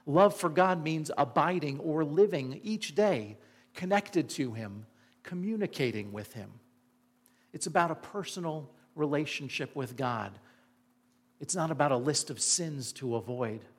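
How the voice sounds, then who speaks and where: A man's voice: a little high, expressive, measured pace. A man preaching a sermon, earnest and emphatic, asking the listeners rhetorical questions. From Indiana. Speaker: pastor.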